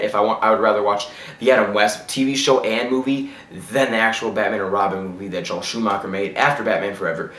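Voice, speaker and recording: A man's voice: on the low side, a bit bright. Blunt man reviewing in an echoey room. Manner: blunt, ranting, trips over words. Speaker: movie reviewer. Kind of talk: casual opinionated review.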